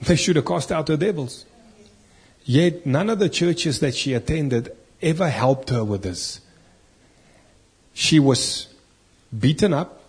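Husky preacher. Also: male voice, a little high, animated, slow pace, pauses often. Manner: earnest, emphatic preaching with rhetorical questions. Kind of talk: sermon with scripture reading.

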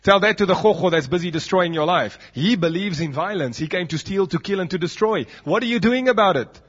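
A man's voice: sits high, expressive, fairly quick, fairly bright tone. A South African man preaching a sermon as pastor, emphatic, with dramatic drops in his voice, on a dull lo-fi recording.

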